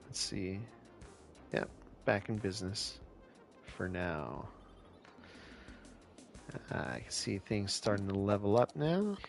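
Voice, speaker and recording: Slow, gravelly-voiced man streaming a game. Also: on the low side, lively intonation, soft background music. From California, US. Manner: laid-back, chatty, answers chat questions. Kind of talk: casual live-stream commentary while playing.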